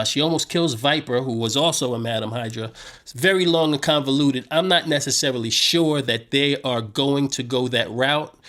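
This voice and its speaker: A man hosting a casual recap, talking slangy and animated, retelling scenes. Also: medium pitch. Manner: slangy, animated, paraphrases scenes in his own street voice. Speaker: show host.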